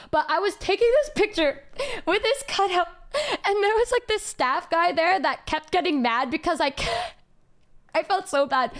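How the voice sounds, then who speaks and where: High-pitched girl streamer just chatting, giggly, rambly, lots of um and like. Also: clean tone. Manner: giggly, rambling, full of fillers. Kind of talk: casual storytelling chat.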